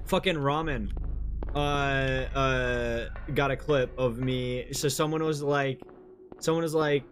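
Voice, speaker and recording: A young man streaming a horror game, chatting casually in a rambling, halting way with frequent restarts. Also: mid-range voice, fairly even intonation, a bit bright. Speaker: gaming streamer. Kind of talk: casual gameplay chat. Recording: noisy stream audio.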